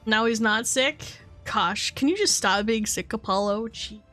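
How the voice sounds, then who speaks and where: A high-pitched woman chatting on a live stream in an excitable, giggly way, swearing casually as she talks. Faint music plays softly behind her voice. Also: measured pace.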